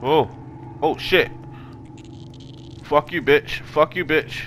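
A man commentating a horror game, excitable and profane, yelling and gasping at each scare. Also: on the high side, takes it slowly, faint music behind. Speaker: gaming YouTuber. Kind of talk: horror let's play commentary.

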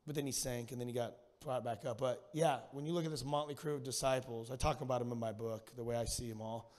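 A man preaching a sermon as a guest speaker, energetic and slangy, telling stories with animated delivery. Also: medium pitch, fast talker. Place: church sanctuary. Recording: long church hall reverb.

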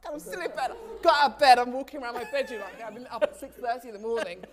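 A woman's voice: fairly high pitch, racing, a crowd in the background. A woman from London with a London accent, a TV director being interviewed, telling her story casually with frequent laughs and acted-out dialogue. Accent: London English. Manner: lively, laughs often, acts out quoted dialogue.

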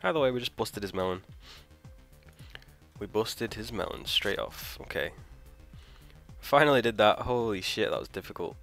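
A man's voice: lowish voice, animated, moderate pace, creaky, pauses often, faint music behind. Frustrated man swearing through gameplay. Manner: swears often and shouts in frustration; thinks aloud, trailing off and restarting. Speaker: let's play host. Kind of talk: live gameplay commentary.

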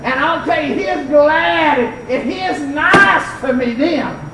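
An older preacher giving a fervent revival sermon, telling stories and rising to shouts at the peaks. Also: sits high, slow pace, very noisy. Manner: fervent, storytelling, rises to shouts. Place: church sanctuary. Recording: echoey church, mic far off.

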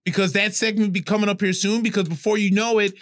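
A man co-hosting a casual sports podcast, animated, loose and emphatic. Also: sits high, fast talker, no echo. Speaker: co-host.

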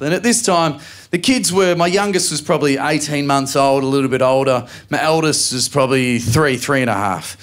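A man in his thirties with an Australian accent, performing a stand-up comedy routine and acting out quick voices of his family. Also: mid-range voice. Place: live comedy venue with audience laughter.

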